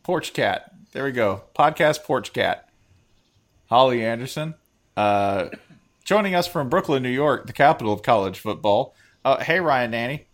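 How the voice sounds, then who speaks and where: A man's voice: mid-range voice, expressive, moderate pace. A man hosting a podcast in casual, joking chat, often trailing off with fillers as he speaks. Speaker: podcast host. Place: studio.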